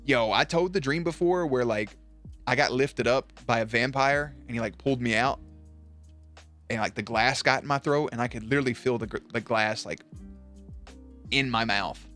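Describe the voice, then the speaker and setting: A man chatting casually on a live stream, animated and profane, with sudden jumps up in pitch. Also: normal speed, soft background music.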